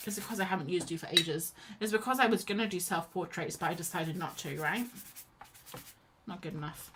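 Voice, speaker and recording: A woman's voice: medium pitch, normal speed, background noise. A woman chatting casually and rambling as she paints on a stream. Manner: chatty, rambling, self-deprecating. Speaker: art streamer. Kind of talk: casual chat while painting.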